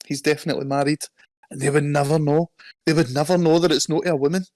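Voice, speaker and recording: A man's voice: a little high, fairly even intonation, quick pace, darkish tone, no room sound. A man co-hosting a casual podcast, easygoing, cracking dry jokes and giving lots of listening noises. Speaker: podcast co-host. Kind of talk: casual chat.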